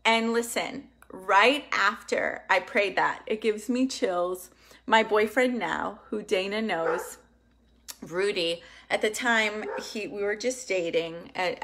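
A young woman hosting an online manifesting workshop, talking in an emphatic, excitable and casual way, swearing now and then. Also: medium pitch, background noise. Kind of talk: live online workshop teaching.

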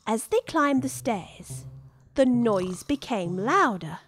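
A woman reading a children's story aloud, expressive and unhurried. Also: fairly high pitch. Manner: slow, lively, expressive. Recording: dry studio with soft music.

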